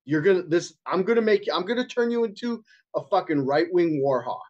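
A man co-hosting a podcast in casual banter, crude and animated, swearing often. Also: sits high, brisk, muffled recording. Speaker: podcast co-host.

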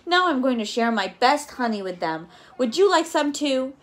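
A woman's voice: high-pitched, big pitch swings, moderate pace. A woman voicing a greedy, selfish little male bee in a children's storybook reading, with a whiny, exclaiming sing-song voice. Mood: relieved.

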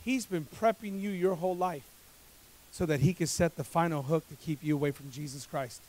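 A man preaching as a pastor, moving from hushed, confiding passages to loud, climbing exhortations. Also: a little high, moderate pace. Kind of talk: sermon.

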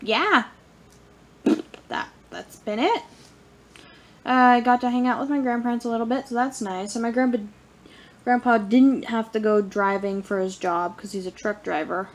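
A woman's voice: a little high, moderate pace, long pauses. A young woman vlogging casually about her day, rambling and playful, with lots of filler words. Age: young adult. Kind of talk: casual vlog diary.

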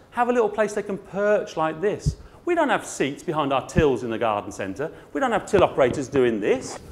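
Man, middle-aged, blunt and joking on stage, lively higher voice. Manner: blunt, comic, puts on voices. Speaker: garden centre owner and speaker. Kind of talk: conference talk.

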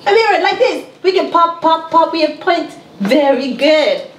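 A woman's voice: high-pitched, big pitch swings, roomy sound, slight background noise. Sing-song woman teaching a small child. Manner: sing-song, slow and encouraging, lots of praise. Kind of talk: playful one-on-one teaching of a young child.

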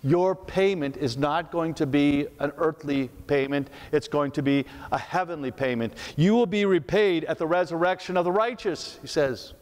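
Male pastor, slightly high voice, chatty preaching full of rhetorical questions, long sanctuary reverb. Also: moderate pace, hardly any pauses, darkish tone. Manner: conversational, asks rhetorical questions, repeats words. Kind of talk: sermon. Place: church sanctuary.

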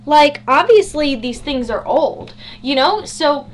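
A bubbly teenage girl vlogging from her room, her voice sitting a little high as she jokes about herself with a dry, sarcastic edge. A faint hum runs under the webcam audio. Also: expressive, takes it slowly. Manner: bubbly, sarcastic, self-mocking. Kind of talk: casual chatty vlog. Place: home bedroom.

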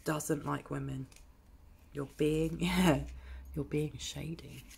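Female tarot reader, lowish gravelly voice, blunt and chatty, cheeky. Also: fairly even intonation, slow, darkish tone. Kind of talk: collective tarot reading.

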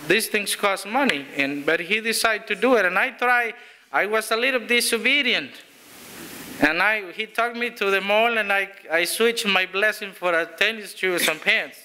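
A man's voice: high voice, moderate pace, bright, forceful tone. A man pastor giving a conversational sermon, telling stories with frequent restarts and chuckles. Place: church sanctuary.

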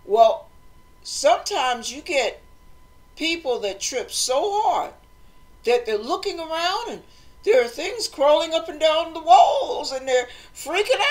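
A woman hosting a motivational talk, speaking conversationally and acting out quoted voices with lively emphasis. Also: sits high, measured pace. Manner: animated, acts out quoted voices, conversational preaching. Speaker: host.

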